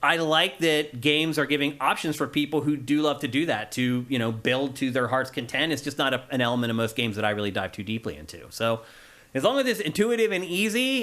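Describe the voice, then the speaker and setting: A man's voice: on the high side, fairly bright tone. A man co-hosting a gaming podcast, chatting casually and enthusiastically, often laughing. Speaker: podcast co-host.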